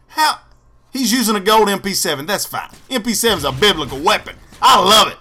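A man's voice: sits high, sing-song, fairly quick, sharp tone, breathy edge. A young man giving angry, profane, sarcastic commentary over gameplay footage as a channel host.

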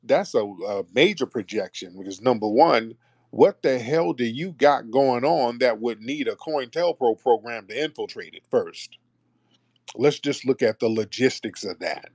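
A man's voice: mid-range voice, animated, unhurried, a little mellow, husky, dry recording. A man hosting a call-in talk show, blunt and mocking in manner. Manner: blunt, mocking, puts on voices to mimic callers. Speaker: host.

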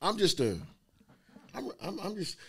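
A man in casual chat, telling lively stories, acting out the quotes and laughing often. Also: high voice, a little slow. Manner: animated storyteller, acts out quotes, laughs often. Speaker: podcast guest telling stories.

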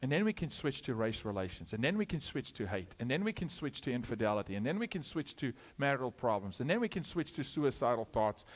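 A middle-aged man preaching a sermon, moving from loud urgent calls to hushed asides, asking questions and acting out short exchanges. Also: medium pitch, big pitch swings, fast talker, few pauses. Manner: asks questions, acts out dialogue. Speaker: guest preacher.

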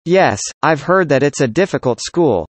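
Speaker doing practice conversation lines, plain even delivery, dry close sound. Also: mid-range voice, normal speed, slightly rough, dry recording. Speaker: dialogue reader.

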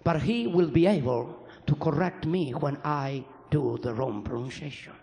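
High-voiced man. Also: gravelly, dark tone. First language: Spanish. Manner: earnest, halting, repeats phrases. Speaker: former priest giving testimony. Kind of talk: spoken testimony to an audience.

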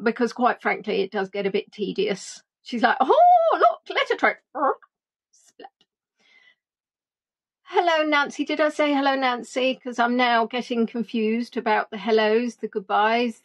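A woman's voice: fairly high pitch, unhurried, hardly any pauses. A woman chatting casually as a livestream tour guide, greeting viewers by name and joking about herself. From England. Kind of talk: casual live chat with viewers.

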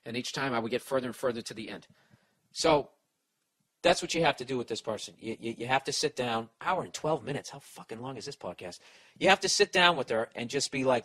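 A man's voice: fairly high pitch, a little fast. A man hosting a comedy podcast, giving advice in a profane, rambling rant, restarting sentences and mimicking people. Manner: profane, rambling, animated ranting; restarts and mock voices for people in stories.

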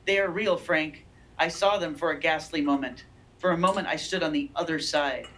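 A woman's voice: low-pitched, moderate pace, a bit bright, poor audio. A woman reading aloud the lines of a frantic, haunted man who is terrified of unseen horrors, voiced close to her own natural voice.

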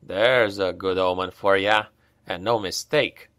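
A man voicing a grumbling, joking male foot soldier in an audiobook, in a lowered, rough-edged voice. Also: unhurried, fairly bright tone. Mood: sardonic.

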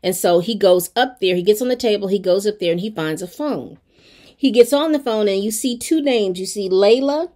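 A woman's voice: medium pitch, moderate pace. A woman with a mid-range voice recaps a TV episode for her viewers. She tells it in a loose, colloquial way, full of asides and fillers, as if chatting with friends. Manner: chatty, expressive storytelling with lots of fillers; colloquial, talks straight to viewers. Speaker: TV show reviewer.

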